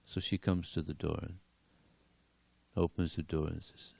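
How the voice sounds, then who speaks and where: A man giving a devotional class and telling stories in an animated way, chuckling now and then. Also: very deep voice, unhurried, gravelly, pauses often, dry recording. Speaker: lecturer. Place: temple hall.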